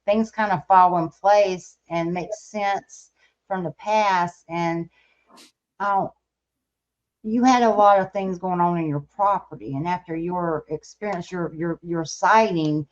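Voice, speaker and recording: A woman's voice: fairly low pitch, slow, muffled recording. A woman hosting a podcast interview, chatty and asking long, leading questions. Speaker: podcast host. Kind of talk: casual interview.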